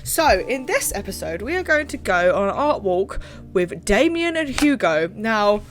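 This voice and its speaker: A woman's voice: medium pitch, big pitch swings, measured pace. A young woman chatting cheekily while playing a dating game. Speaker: gaming youtuber. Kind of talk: let's play commentary. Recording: background game music.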